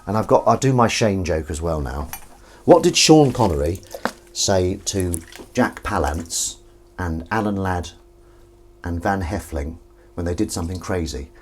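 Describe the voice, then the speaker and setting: A man's voice: sits low, expressive, measured pace, a little hiss or hum. A man chatting casually while washing up at home, rambling through film trivia and asides to someone in the room. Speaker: vlogger washing up. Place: home kitchen. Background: clinking dishes and cutlery.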